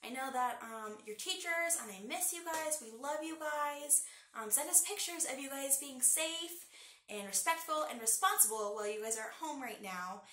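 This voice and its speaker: A woman's voice: sits high, moderate pace, sharp tone, echoey room, a little hiss or hum. A young woman reading a picture book aloud to schoolchildren, cheerful and talking to them directly. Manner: cheerful, speaks to kids directly. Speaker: school staff reading to pupils. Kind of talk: storybook read-aloud for children.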